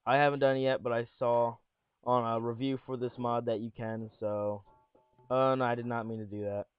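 A man's voice: medium pitch, level tone, moderate pace, clear, resonant tone, dry recording, muffled recording, faint music behind. A young man giving casual, jokey commentary on a game, rambling between points with a showman's flair. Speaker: gaming commentator.

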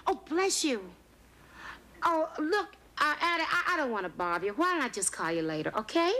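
A woman's voice: high voice, very animated, sharp tone, heavily acted. A brassy, meddling woman. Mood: fussing. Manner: bossy, teasing, quick banter. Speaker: sitcom lead. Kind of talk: sitcom acting. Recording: studio audience laughter.

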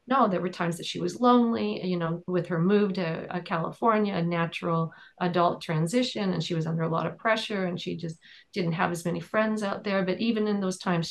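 A woman with a low voice and a notably flat, even delivery recounts courtroom testimony. Her tone has a gravelly, creaky texture. She moves haltingly, often pausing on fillers and starting sentences over. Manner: halting, with many fillers and restarts. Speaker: trial observer and advocate.

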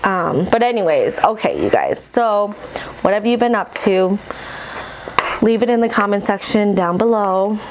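A woman chatting casually to her viewers while she cooks, bubbly and excitable, recorded on a camera mic in a home kitchen. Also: mid-range voice, a little slow, noisy background. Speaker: mukbang vlogger. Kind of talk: casual vlog chat while cooking.

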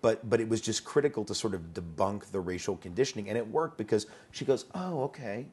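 Low husky man telling stories. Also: expressive, quick pace, darkish tone. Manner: anecdotal, repeats words when starting a thought. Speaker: interview guest, educator. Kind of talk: conversational storytelling in an interview.

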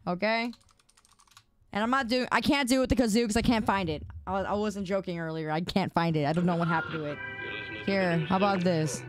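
A woman's voice: mid-range voice, fairly quick, soft background music. A sleep-deprived woman streamer chatting casually and playfully with her viewers, teasing and pleading. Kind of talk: casual live-stream chat.

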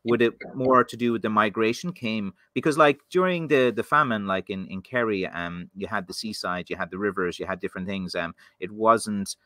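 A man from Ireland, hosting a podcast and asking long, rambling questions out loud. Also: lowish voice, normal speed, hardly any pauses, no echo, studio quality. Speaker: podcast host. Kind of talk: casual interview chat.

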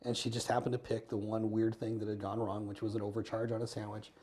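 An American man, quick and earnest, tells a story in an interview, playing out the back-and-forth of everyone in it. His voice is dark and mellow, and his pace barely lets up. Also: on the low side, flat delivery. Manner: earnest, fast storyteller acting out dialogue. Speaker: podcast guest.

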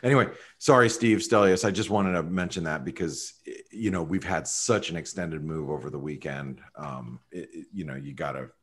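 A man's voice: a bass voice, moderate pace, few pauses. A man hosting a trading webinar, chatting loosely about currencies with lots of fillers and restarts. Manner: rambling, many fillers, jumps in loudly. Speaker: webinar host, trader. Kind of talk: casual market commentary.

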